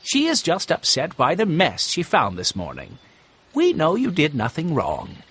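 A man voicing a gentle farm wife in a storybook, soft and soothing. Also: on the high side, huge pitch swings, unhurried, breathy edge, heavily acted.

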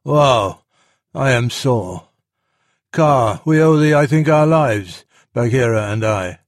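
A man voicing a big, gentle old bear in a storybook reading, loud and grave. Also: mid-range voice, expressive, slow, no room sound, studio quality.

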